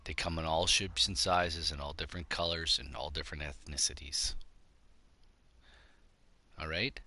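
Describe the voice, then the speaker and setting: A man's voice: rumbling low, fairly even intonation, moderate pace, sharp tone, dry recording. A middle-aged man hosting a show, delivering a blunt, combative opinion monologue. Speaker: show host.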